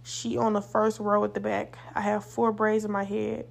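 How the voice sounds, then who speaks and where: A woman's voice: mid-range voice, flat delivery, moderate pace, vocal fry. A young woman hosting a podcast, telling a casual storytime monologue in a blunt, profane, rambling way. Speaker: podcast host.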